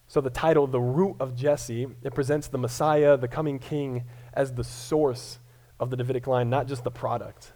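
The speaker is a young man from Colorado, a pastor whose sermon comes across as conversational and self-deprecating, full of stammered restarts. He keeps a steady, mellow tone at medium pitch and a fairly quick pace.

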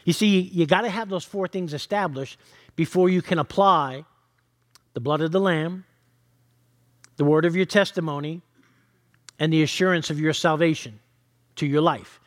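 A man's voice: fairly high pitch, normal speed, pauses often. A male pastor preaching a sermon, reading scripture and teaching in an earnest, direct way.

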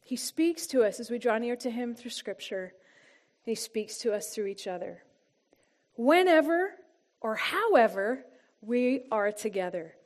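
High-pitched woman telling her faith story to a church group, earnest, goes soft and quiet on the big points. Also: lively intonation, unhurried. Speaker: church small-group speaker. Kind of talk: personal testimony and teaching.

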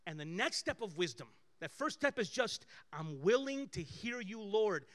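This is a man preaching a conversational sermon at a moderate pace with a high-pitched voice. His personal anecdotes bounce between loud bursts and hushed side remarks.

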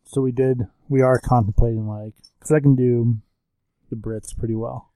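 A man's voice: mid-range voice, steady tone, moderate pace, dark tone, low-quality recording. A man in his thirties co-hosting a podcast in casual, joking chat, sometimes slipping into silly voices. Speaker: podcast co-host.

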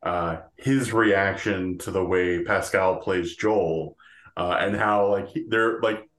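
Male podcast co-host: slow, low-ish voice, rambling casual talk in a roomy-sounding space. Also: steady tone, fairly bright tone. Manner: rambling, many fillers and restarts, laughs often. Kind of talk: casual chat.

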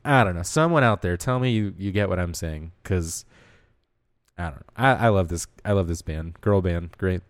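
A man with a fairly low voice co-hosts a music podcast in casual chat. He rambles and hesitates, searching for words. The recording is dry, with almost no room echo. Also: normal speed. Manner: hesitant, rambling, full of fillers. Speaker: podcast co-host.

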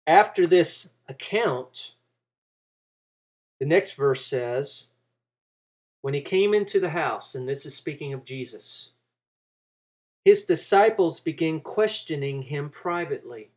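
Preacher teaching through a scripture passage. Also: male voice, on the high side, animated, slow pace, long pauses, darkish tone. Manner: expository teaching, acts out quoted lines with rising emphasis. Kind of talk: sermon.

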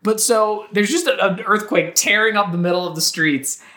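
A woman's voice: mid-range voice, moderate pace, fairly bright tone. A woman co-hosting a podcast, chatting casually and sarcastically about a movie and acting out the characters' lines. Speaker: podcast co-host. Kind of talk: casual chat recapping a movie. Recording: roomy echo.

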